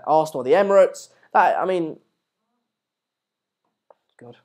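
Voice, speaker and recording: A man's voice: fairly high pitch, darkish tone. A man talks through a live match watchalong in a loose, rambling way. His talk is full of fillers and restarts. He keeps calling on viewers to subscribe between comments on the play. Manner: repeatedly urges viewers to subscribe. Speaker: live-stream host.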